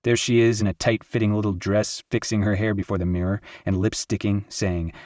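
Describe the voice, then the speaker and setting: A low-voiced man narrates an audiobook in a steady, lyrical reading style. His delivery flows evenly through long sentences. The recording is close and dry, with no room sound. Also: moderate pace, few pauses, dry recording. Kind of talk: scripted narration.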